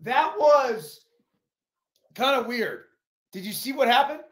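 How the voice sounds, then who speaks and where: A man's voice: very high voice, animated, slow pace, echoey room. A man co-hosting a casual sports chat, explaining plays in a loose, profane way.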